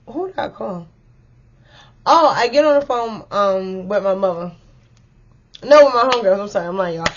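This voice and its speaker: A young woman tells a story to her viewers in a loose, chatty way, full of fillers and lively asides. Her voice sits at a middling pitch for a woman. The recording is a bit dull and lo-fi. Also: slight background noise. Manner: chatty and animated, filler-heavy, lively retelling. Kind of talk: casual storytime vlog.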